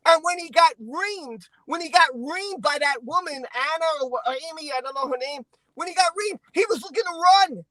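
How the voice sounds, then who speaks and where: A man speaks in a bright, high voice, heated and emotional as he vents on a live stream. He keeps repeating himself. The sound is dry and close. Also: lively intonation, normal speed, dry recording, poor audio. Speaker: stream guest. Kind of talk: casual chat.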